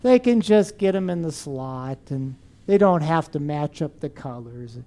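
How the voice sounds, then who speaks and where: A gentle kindergarten teacher soothing an upset child, as a man puts her on. Her tone is soft, coaxing and warm, and it stays low and mellow in timbre. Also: animated, a little slow.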